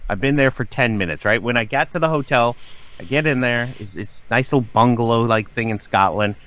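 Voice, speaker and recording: Profane, animated man telling a story. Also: mid-range voice, brisk. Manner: profane, dramatic, acts out his own shouting. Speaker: podcast guest.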